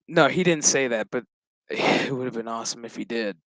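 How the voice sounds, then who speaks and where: A man's voice: mid-range voice, normal speed, fairly bright tone, no room sound, poor audio. A man giving a rambling, profane and jokey casual recap of a TV episode. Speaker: show reviewer.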